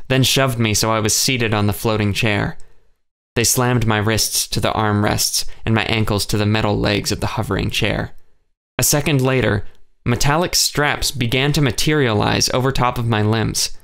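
A man giving steady, measured first-person audiobook narration. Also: fairly low pitch, clean tone.

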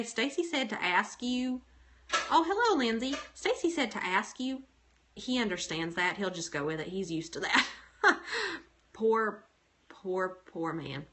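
A woman's voice: medium pitch, a bit bright. A woman in her thirties hosting a casual livestream, chatting, joking and rambling with a giggly, self-mocking manner. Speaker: homemaking livestream host.

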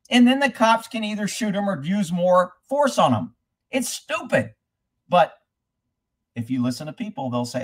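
Husky-ish guy ranting on a live horse stream, swears a lot, reads out comments. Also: high voice, lively intonation, normal speed. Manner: blunt, ranting, swears freely; reads viewer comments aloud between rants. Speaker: livestream host answering horse questions. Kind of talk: casual live-stream rant.

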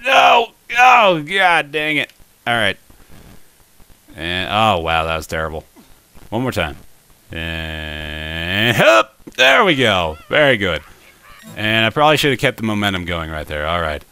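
A young man commenting on his gameplay into a close microphone in a dead, dry space. His voice is bright and smooth, and it swings widely in pitch as he cheers, groans and talks straight to the game. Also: normal speed, long pauses, no room sound. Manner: excitable, talks to the game, frustrated exclamations and laughs. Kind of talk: let's play commentary.

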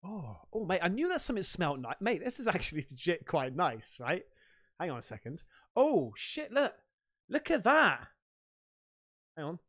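A man's voice: high-pitched, normal speed. Guy opening fan mail, hyped, swears a lot, voice jumps all over. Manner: excitable, swears freely, laughs often. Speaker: streamer host. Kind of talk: casual chat while unboxing fan mail.

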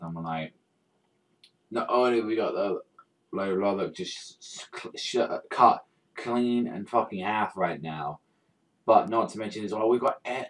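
A man vlogging his reaction to a manga chapter, rambling through fillers, swearing constantly and bursting into shouts. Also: on the low side, normal speed, recorded from a distance, rough recording. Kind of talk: excited reaction rant.

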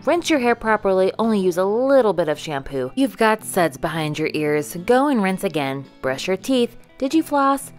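A woman voicing a strict father who fires off brisk, nagging orders to his child. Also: mid-range voice, sing-song, soft background music, close to an everyday voice. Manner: brisk rapid-fire commands.

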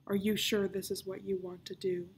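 A woman's voice: mid-range voice, little pitch movement, moderate pace, slight background noise, natural voice. A woman reading aloud, voicing a loyal male pirate crewman who asks his captain hesitant, worried questions.

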